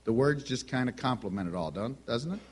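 A middle-aged man preaching a sermon, telling stories with lively delivery and acting out the voices of the people in them. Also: mid-range voice, brisk, slightly rough. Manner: animated storytelling, acts out quoted voices.

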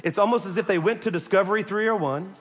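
A man preaching a sermon, animated and joking, pressing his points hard and calling out to the congregation. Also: high voice, fast talker, in a large hall, a little hiss or hum. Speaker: pastor.

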